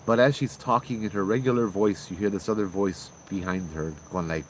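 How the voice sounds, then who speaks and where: A man, hosting and telling a ghost story in a loose, conversational way, with fillers and sudden loud bursts. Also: fairly low pitch, fairly even intonation, a little fast, a little hiss or hum, poor audio. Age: 30s. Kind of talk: casual spoken ghost story.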